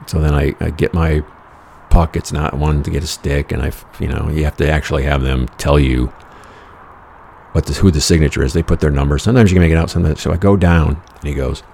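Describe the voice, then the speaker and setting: A man's voice: extremely low pitch, steady tone, brisk, vocal fry, a little mellow, a little hiss or hum. A man telling a casual anecdote in a wry, exasperated, profane way. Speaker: storyteller.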